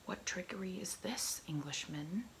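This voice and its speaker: A woman's voice: on the low side, lively intonation, measured pace, fairly bright tone, slight background noise, low-quality recording. A woman voicing a swaggering, hot-tempered male pirate captain in a gloating whispered role-play. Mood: scornful.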